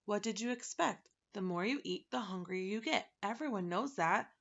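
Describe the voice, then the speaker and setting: Brisk male number wizard, matter-of-fact and explaining, creaky edge, voiced by a woman; lo-fi. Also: mid-range voice, lively intonation, a bit bright. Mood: impatient.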